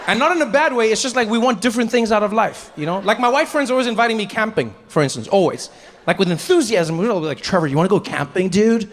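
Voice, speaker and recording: A man from Africa doing an animated stand-up comedy set on a large venue stage, shifting quickly into impressions. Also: sits high. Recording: reverberant hall with audience ambience.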